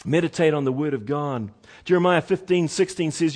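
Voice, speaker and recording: A man preaching a sermon in a folksy way, repeating words and swinging from loud emphasis to hushed lines. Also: on the high side, a little fast. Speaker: pastor.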